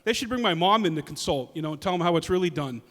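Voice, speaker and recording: High-voiced man rambling through stories on stage. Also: animated, fast talker, a bit bright, in a large hall. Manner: rambling self-interrupting storytelling. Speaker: comedian. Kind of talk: stand-up storytelling. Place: stage in a reverberant hall.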